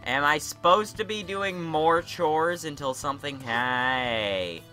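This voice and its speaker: A young man rants over his game with sarcastic, profane commentary. His voice is very bright and fairly high, and he takes his time, drawing his words out slowly. Faint music plays underneath. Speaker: gaming YouTuber. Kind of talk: let's play commentary.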